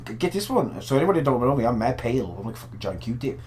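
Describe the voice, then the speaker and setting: A man's voice: medium pitch, very animated, fast, darkish tone, slight background noise. A man with a Newfoundland accent co-hosting a podcast at home, joking and swearing as he rambles through stories. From Newfoundland, Canada. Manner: joking, profane, rambling storyteller. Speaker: podcast co-host. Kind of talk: casual chat.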